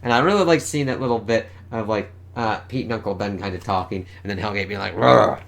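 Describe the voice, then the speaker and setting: A man casually reviewing a comic issue, excitable and profane, rambling as he reacts to the panels. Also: fairly low pitch, fast.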